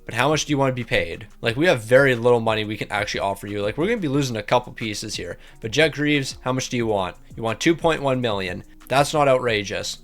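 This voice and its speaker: A young man giving fast, slangy, self-talking commentary over a hockey video game. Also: medium pitch. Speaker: gaming YouTuber.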